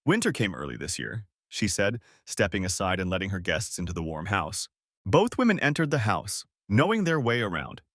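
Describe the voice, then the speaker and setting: A man reading a story aloud as an audiobook narrator, measured and expressive. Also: mid-range voice, no room sound, clean studio sound. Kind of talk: scripted narration.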